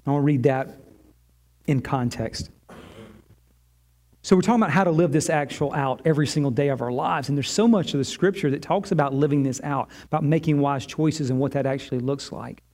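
A middle-aged man preaching in a slightly high voice. He speaks earnestly, sinking low and soft on weighty lines and lifting his pitch when he voices prayers. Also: a little fast. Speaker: pastor. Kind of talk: sermon.

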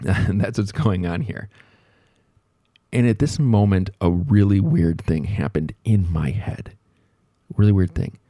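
Low-voiced guy rambling thru a story, lots of um and uh, kinda self-deprecating, dry close sound. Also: unhurried, long pauses, warm tone, no echo. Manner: rambling, self-deprecating, reflective, many fillers. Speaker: podcast host telling a work story. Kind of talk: casual storytelling monologue.

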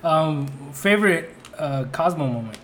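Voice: medium pitch, animated, measured pace, noisy background. A host in a joking casual chat who keeps teasing the guests and laughs easily.

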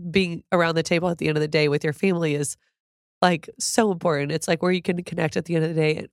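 A woman's voice: on the low side, no echo, clean studio sound. A woman in her thirties, a food creator, talking earnestly as a podcast guest, with fillers and an open, heartfelt manner. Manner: warm, earnest, gets emotional at times. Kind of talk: conversational interview.

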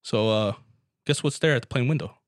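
A man's voice: mid-range voice, a little fast, no echo, clean studio sound. A young man in casual chat with friends, telling long rambling jokes and swearing freely. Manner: rambling joke-teller, swears a lot.

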